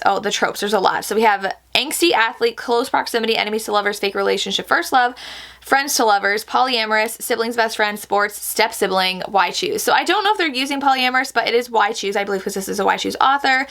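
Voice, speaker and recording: Bubbly gushing woman, slightly high voice. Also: fairly bright tone. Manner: bubbly and gushing, many "like" fillers. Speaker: book reviewer. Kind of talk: casual chat.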